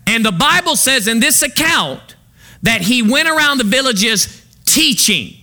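A male pastor delivers a sermon in a high, strikingly bright voice. He preaches by posing fill-in-the-blank questions to his congregation. His delivery stays sharp and forward throughout. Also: big pitch swings, a little slow.

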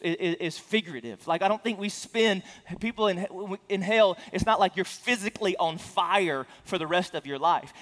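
A man preaching a sermon as a pastor, speaking earnestly with frequent restarts and stammered repeats, and getting louder for emphasis. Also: long reverb tail. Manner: rises in pitch and volume for emphasis.

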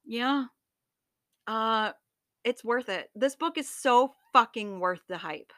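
A woman co-hosting a casual book podcast, excitable and profane, acting out scenes as she talks. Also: fairly high pitch, takes it slowly, no room sound, studio quality. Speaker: podcast co-host.

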